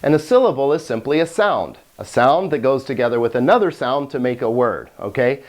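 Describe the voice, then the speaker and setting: A teacher giving a video lesson on Greek pronunciation, joking and chuckling, slowing down to drill words one by one. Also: mid-range voice, expressive. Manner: playful, chuckles at own jokes; slow, deliberate word-by-word pronunciation drills.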